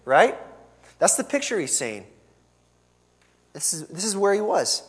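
An earnest male pastor preaching, his voice sitting a little high for a man. He presses hard on key words and then lets phrases fall away quietly. The sound rings with the long reverb of a large church hall. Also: very animated, a little slow. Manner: earnest and emphatic, swelling on key words then dropping soft. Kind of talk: sermon.

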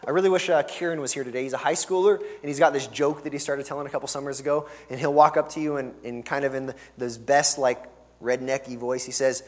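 A man preaching a sermon as pastor, earnest and emphatic, pushing hard on key words and then dropping to a soft, low finish. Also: fairly even intonation, fast. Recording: long reverb of a large hall.

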